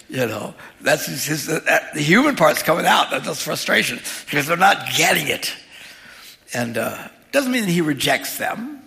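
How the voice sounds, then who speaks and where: A man's voice: on the high side, animated, moderate pace, vocal fry, sharp tone. A man preaching a sermon as pastor, talking in a conversational way with humorous asides. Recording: long reverb of a large hall.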